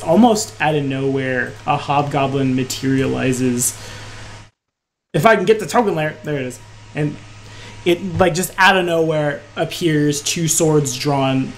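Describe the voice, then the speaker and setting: A woman narrating a tabletop game as game master, relaxed and unhurried with casual fillers. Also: sits low, slight background noise, low-quality recording.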